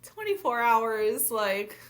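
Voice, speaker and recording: A woman co-hosting a podcast in easy, frank chat. Her voice is very bright and forceful and sits somewhat high. She swears casually and talks with lots of fillers. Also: big pitch swings, slow. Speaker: podcast co-host.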